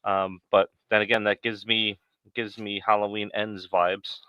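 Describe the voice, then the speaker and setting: A man's voice: lowish voice, level tone, unhurried, smooth, no echo, lo-fi sound. A man co-hosting a casual fan podcast who talks steadily, reads out viewer comments and agrees readily. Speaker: podcast co-host.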